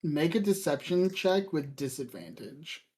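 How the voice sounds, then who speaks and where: A man running a tabletop game as game master, pausing often with ums and uhs. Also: a little high, very animated, background noise. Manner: halting, full of ums and uhs.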